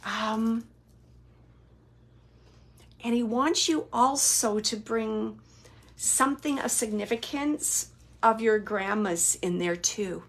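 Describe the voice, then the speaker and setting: A woman working as a psychic medium and host, giving live readings in a loose, halting way full of "like" and "um," and relaying messages from spirits in the first person. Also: a little high.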